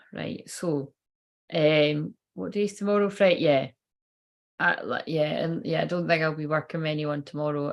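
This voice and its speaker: A woman with a low, creaky voice does a casual livestream tarot reading, rambling into asides and swearing freely. She's chatty but feeling unwell and tired.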